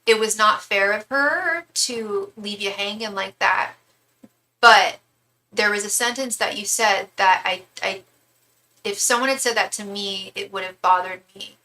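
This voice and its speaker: A woman's voice: medium pitch, a little slow, pushed and bright, low-quality recording. A woman who is a tarot reader, chatting casually and at length during a live-stream reading, with some swearing.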